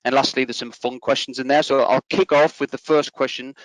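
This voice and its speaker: Measured male interviewer, dry sound. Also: medium pitch, fairly even intonation, dry recording, low-quality recording. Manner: measured, orderly, reads out credentials. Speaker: interviewer, host. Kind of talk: formal scripted introduction and questions.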